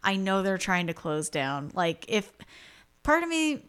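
A talkative woman co-hosting a podcast, chatting casually and laughing often. She drops into little acted voices whenever she retells what someone said, with a pitch that sits right in the middle. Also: sing-song, measured pace, a bit bright, clear, resonant tone. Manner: chatty, laughs often, acts out quoted dialogue. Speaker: podcast co-host. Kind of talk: casual chat.

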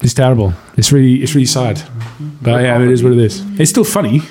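Man, from the UK, mid-pitched voice, podcast banter, swearing, punning. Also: quick pace, over music. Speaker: podcast co-host. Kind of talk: casual podcast chat.

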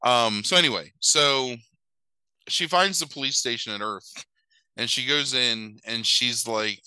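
A man's voice: medium pitch, a little slow, pushed and bright, smooth, dry recording, low-quality recording. A man casually retelling a movie plot in a rambling way, full of fillers, acting out the characters' lines. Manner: rambling, filler-heavy retelling with exaggerated quoted voices. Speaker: podcast co-host recapping a movie. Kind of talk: casual chat.

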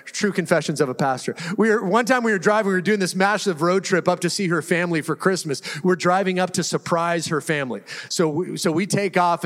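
Male pastor, high voice, casual storytelling sermon, long church-hall reverb. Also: a bit bright. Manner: conversational, humorous storytelling preacher. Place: church sanctuary.

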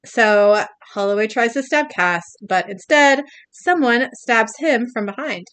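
Her voice on the high side with lively intonation and a slightly bright tone, a young co-host narrates scenes at a measured pace in a casual podcast recap. She frequently laughs and stops mid-read, and there's no echo.

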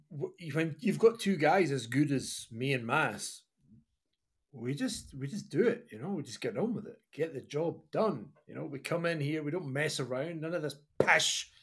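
A man's voice: medium pitch, a bit bright, slightly rough. A man, co-hosting a podcast in casual, laughing banter. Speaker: podcast co-host and home brewer. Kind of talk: casual chat.

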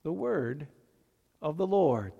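In a large church hall with long reverb, a man with a fairly high, gravelly voice reads scripture and delivers a sermon. His pace is measured and deliberate, his delivery expressive, and the high frequencies of the audio are cut off.

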